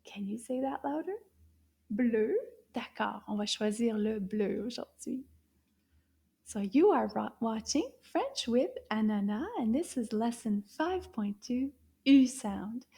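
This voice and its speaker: A woman's voice: on the high side, lively intonation, unhurried, vocal fry, mellow, slightly rough. A woman teaching a children's lesson in a cheerful, sing-song teacher voice.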